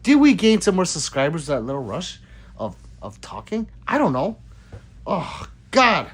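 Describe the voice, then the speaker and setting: A man's voice: on the high side, huge pitch swings, normal speed, darkish tone, husky. A man hosting a casual livestream, reading viewer chat aloud in a chatty, profane way. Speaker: livestream host.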